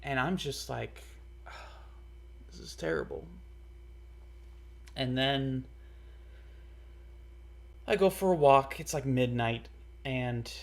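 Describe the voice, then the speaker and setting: A young man telling a personal story in a casual, earnest way, halting often with fillers and restarts. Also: mid-range voice. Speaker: storyteller vlogger.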